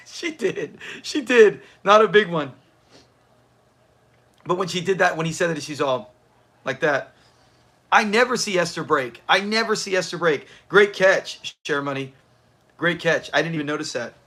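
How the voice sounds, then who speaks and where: A man hosts a live watch party, talking casually and reacting as he goes. His voice sits a little high and has a bright, forceful edge. He laughs often and answers viewers from the chat. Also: measured pace, pauses often. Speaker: livestream host.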